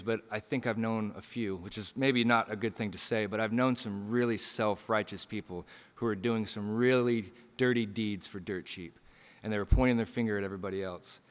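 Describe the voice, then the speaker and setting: A man preaching a sermon with passion, surging to loud emphasis and dropping to quiet lines, acting out quoted voices as he tells stories. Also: on the low side, long reverb tail. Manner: impassioned, swings between loud emphasis and quiet drops; acts out quoted lines in storytelling asides.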